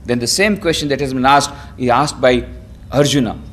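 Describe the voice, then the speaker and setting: A man, a monk giving a spiritual lecture, expressive and playful, acting out quoted voices. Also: medium pitch, normal speed. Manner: expressive, acts out quoted voices, chuckles at own jokes.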